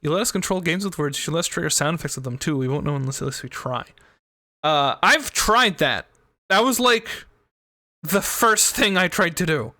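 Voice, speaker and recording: A man's voice: a little high, lively intonation, normal speed, pushed and bright, dry recording, clean studio sound. Joking young man streaming a game. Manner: joking, rambling, swears freely. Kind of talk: casual gameplay commentary. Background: game music.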